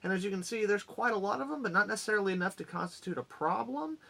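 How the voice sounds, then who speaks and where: A man's voice: high-pitched, lively intonation, fast, creaky, bright, forceful tone. A man in a casual vlog, enthusiastically rambling as he rattles off items from his collection one after another.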